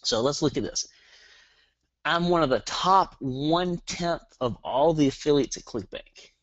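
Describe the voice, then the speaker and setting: A man with a Southern accent presenting a live online marketing webinar, energetic and hyperactive, firing rhetorical questions at his audience. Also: a little high, measured pace, no room sound, muffled recording.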